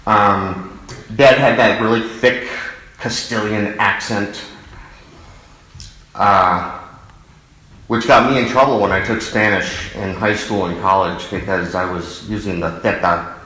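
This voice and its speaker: Halting man recalling his father, echoey hall. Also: lowish voice, steady tone, bright, forceful tone. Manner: halting and fond, many fillers and restarts. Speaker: son giving a eulogy. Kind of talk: personal reminiscence.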